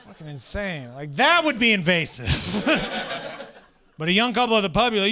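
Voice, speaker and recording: A man in his thirties doing a stand-up comedy set on a club stage, animated and breaking into shouted acted-out bits. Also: sits high, moderate pace, noisy background. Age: 30s.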